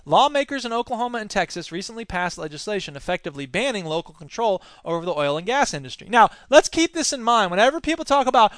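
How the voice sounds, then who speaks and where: High-voiced sarcastic male news host. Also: fast, few pauses, dry recording. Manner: sarcastic, animated asides. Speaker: podcast host. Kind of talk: news commentary podcast.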